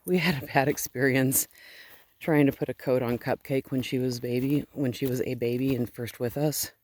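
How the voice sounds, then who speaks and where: A woman's voice: rumbling low, fairly even intonation, moderate pace, darkish tone. A woman who raises sheep, chatting casually and affectionately as she walks outdoors on her farm, rambling a little with fillers. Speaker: fiber farm owner raising sheep. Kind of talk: casual vlog chat while walking.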